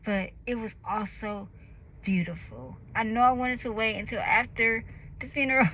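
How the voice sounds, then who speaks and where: A woman in her thirties telling a personal story in a lively, animated way, acting out the voices and cries of the moment. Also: on the high side, normal speed, a little hiss or hum, poor audio. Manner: animated, acts out her own screams and quoted voices. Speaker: vlogger.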